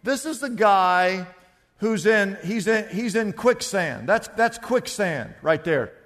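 A man preaching a sermon, acting out the characters in his illustrations. His voice sits high for a man. It rings with the long reverb of a large hall. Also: takes it slowly. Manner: animated storytelling preacher, acting out scenes. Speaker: pastor.

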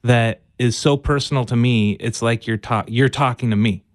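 Man, radio co-host, mid pitch, dry sound, earnest, enthusiastic. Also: steady tone, normal speed, no room sound. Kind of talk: call-in radio talk.

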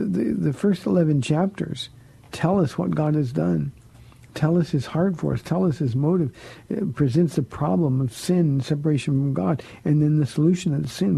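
A man's voice: on the high side, gravelly, warm tone, husky, no echo, rough recording. A man pastor on a call-in radio show, answering listeners' Bible questions in an earnest, explaining way with many fillers.

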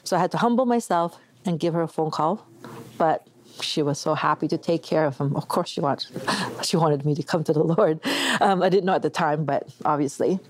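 A middle-aged woman from Canada giving a personal testimony as an interview guest, telling it in an animated way and acting out the voices of the people she quotes. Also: low voice.

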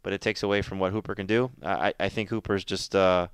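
A man's voice: sits low, fairly even intonation, fast, smooth, no echo, clean studio sound. A man co-hosting a fantasy football radio show, talking casually with many fillers and restarts. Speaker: fantasy football analyst co-host. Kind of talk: casual sports radio talk.

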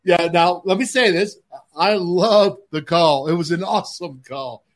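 A man co-hosting a football podcast, animated and acting out old conversations. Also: high voice, measured pace. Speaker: co-host, former player. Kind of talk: casual podcast chat.

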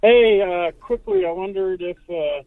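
Halting man caller on a tinny phone. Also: high-pitched, dry recording. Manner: halting, many fillers. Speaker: radio caller. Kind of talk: call-in chat.

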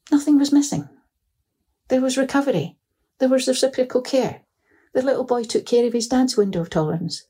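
A woman, a psychotherapist, explains ideas calmly in an interview and often laughs as she tells stories. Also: on the high side, husky. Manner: calm, measured, often laughs while telling a story. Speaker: psychotherapist guest. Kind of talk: explanatory interview talk with anecdotes.

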